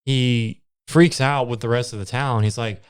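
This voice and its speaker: A man's voice: medium pitch, steady tone, moderate pace, smooth. A man co-hosting a podcast in casual chat, wryly recapping movie scenes with plenty of swearing. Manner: profane, wry storytelling. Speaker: podcast co-host.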